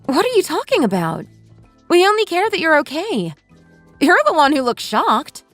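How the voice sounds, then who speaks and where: A woman's voice: extremely high pitch, very animated, moderate pace, fairly bright tone, no echo, soft background music, exaggerated voice. A woman voicing a caring adult daughter in a voice-acted text story, speaking emphatically. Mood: worried.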